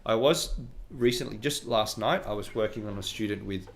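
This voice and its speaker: Low-voiced man teaching guitar. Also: normal speed, gravelly. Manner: relaxed, explains with demonstrations and frequent "right?". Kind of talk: casual guitar lesson. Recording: faint guitar music behind voice. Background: his own guitar playing between phrases.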